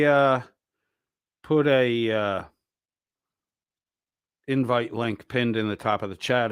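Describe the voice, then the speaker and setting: A man running a casual stream, talking in an unhurried drawl and mocking what he watches with crude language. His voice sounds dry and close, with no room around it. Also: medium pitch, clear, resonant tone, no room sound. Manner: crude, mocking, heavy swearing. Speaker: stream host reacting to a clip. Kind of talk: casual reaction commentary.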